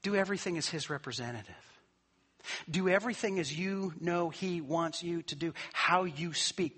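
This middle-aged pastor has a fairly bright, somewhat high voice with a breathy edge, speaking at normal speed. He shares a family story conversationally, then moves into preaching with rising emphasis.

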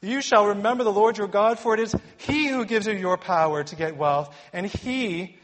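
A man preaching a sermon with emphatic delivery, building to loud warnings and dropping to quiet reflection. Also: high-pitched, moderate pace.

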